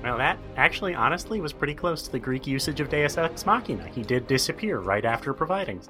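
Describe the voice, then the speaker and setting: A man playing a tabletop game, wisecracking with a lively, swooping voice. Music plays clearly behind him. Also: medium pitch, quick pace. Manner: playful, wisecracking. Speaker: player. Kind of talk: casual chat at a tabletop game.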